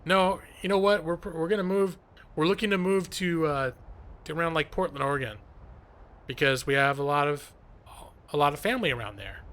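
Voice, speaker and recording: A man's voice: on the high side, a little fast, a bit bright. A man chatting casually and joking at his own expense while streaming a video game live. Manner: chatty, joking, self-deprecating. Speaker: gaming streamer. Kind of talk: live gameplay commentary.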